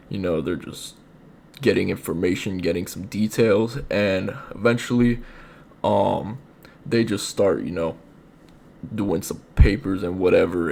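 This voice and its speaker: A man's voice: low voice, vocal fry, darkish tone, a little hiss or hum. A young man telling a personal story in casual, rambling speech full of fillers. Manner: rambling, many fillers like "you know". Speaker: streamer.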